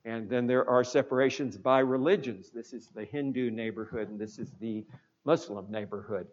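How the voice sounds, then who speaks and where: Man lecturing in a reverberant hall. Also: mid-range voice. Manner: thoughtful, hesitant, frequent "uh" fillers. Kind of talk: informal lecture. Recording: dull lo-fi sound with long hall reverb.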